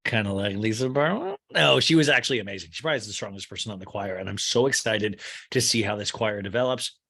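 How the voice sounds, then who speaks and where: A man's voice: quick pace, vocal fry, breathy edge. A man hosting a podcast in a casual recap, talking with a voice worn from hours of chatting. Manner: animated, jumps into high mocking voices for quotes. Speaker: podcast host. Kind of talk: casual recap with acted quotes.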